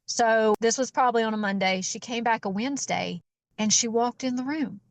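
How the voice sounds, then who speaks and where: A woman chiropractor guest telling a patient story in an interview, acting out the dialogue with lively energy. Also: a little high, normal speed, no echo. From Georgia, US. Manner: animated storyteller who acts out quoted dialogue.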